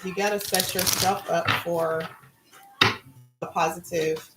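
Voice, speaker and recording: A middle-aged woman musing about spirituality and reading cards in a relaxed, conversational way. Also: on the low side, slow pace, roomy sound, very noisy. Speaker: spiritual card reader. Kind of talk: casual spiritual talk.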